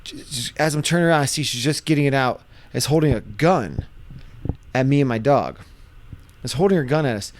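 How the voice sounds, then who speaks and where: A man casually telling a wild story to camera, animated and often restarting his sentences. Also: medium pitch, moderate pace, no room sound. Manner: animated, acts out shouted quotes, frequent restarts. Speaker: vlogger.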